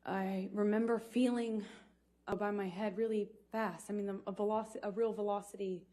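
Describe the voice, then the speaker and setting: A woman testifying as a witness in a courtroom, speaking haltingly with pauses and restarts. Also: mid-range voice, fairly even intonation, warm tone.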